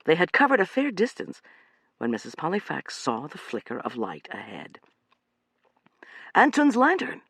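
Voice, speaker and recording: A man narrating a suspenseful novel as an audiobook, in an expressive, dramatic reading. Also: mid-range voice, normal speed, gravelly, slightly rough, dry recording.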